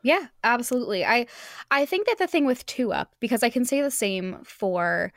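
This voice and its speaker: Brief: female podcast host, slightly high voice, dry close sound, eager and halting. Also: expressive, dry recording. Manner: enthusiastic, halting restarts, laughs often. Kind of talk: casual podcast chat.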